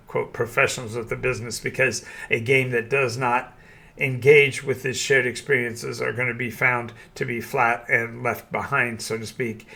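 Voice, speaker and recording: An older man hosting his own channel, a veteran game master giving opinions in a halting monologue with frequent restarts. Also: mid-range voice, creaky, bright, forceful tone. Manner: halting, many restarts and fillers.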